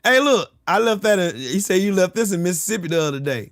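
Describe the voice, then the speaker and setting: A man's voice: sits high, expressive, quick pace, few pauses, a bit bright, dry recording, clean studio sound. A man livestreaming, taunting and mocking someone, repeating his jabs and laughing hard. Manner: repeats phrases over and over. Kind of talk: live stream trash talk.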